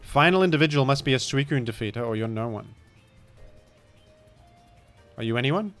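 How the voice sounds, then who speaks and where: Rambling British streamer, mock-grandiose. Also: male voice, mid-range voice, animated, moderate pace, fairly bright tone, soft background music. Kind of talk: live game commentary.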